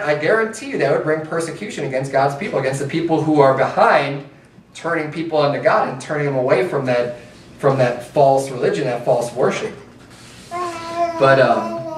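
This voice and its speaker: Preacher with a roomy, distant sound. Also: male voice, mid-range voice, a little hiss or hum. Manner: conversational preaching with mocking chants. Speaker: pastor. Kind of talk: sermon. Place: church sanctuary.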